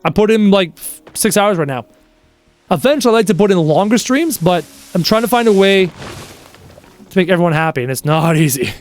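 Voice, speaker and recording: A man's voice: high-pitched, animated, moderate pace, faint music behind. A man live-streaming a game, chatting casually and reading out viewers' messages in a playful way. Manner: chatty, reads chat aloud, playful.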